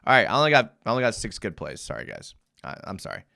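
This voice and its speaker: Animated, bright-voiced male sports show host. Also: lowish voice, fast talker, vocal fry. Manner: animated, reads chat comments aloud, gets worked up. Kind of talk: live sports film breakdown.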